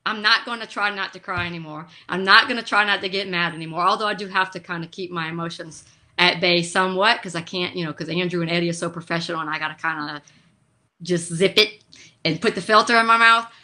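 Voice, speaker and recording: A middle-aged woman, a guest on a video call, telling stories in an animated, emotional way. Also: lowish voice, fast. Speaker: guest, drag racer. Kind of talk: casual interview chat.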